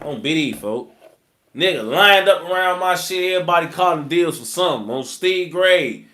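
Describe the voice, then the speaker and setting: A man's voice: a little high, moderate pace, pushed and bright, slight background noise. A man, telling his own story in rambling, slang-heavy street talk full of fillers. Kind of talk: casual storytelling.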